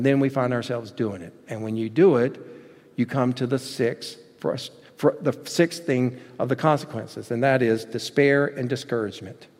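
Earnest preacher in a big echoing hall. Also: male voice, mid-range voice, darkish tone. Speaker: pastor. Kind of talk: sermon with storybook reading. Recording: long hall reverb.

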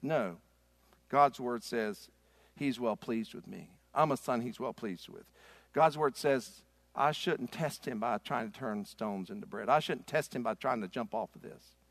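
A man preaches a sermon in a voice of middling pitch. He swings between loud, forceful stretches and quiet, slow passages, and the sound is dry and close. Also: no room sound. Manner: preaches with rising intensity, then soft and slow. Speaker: pastor.

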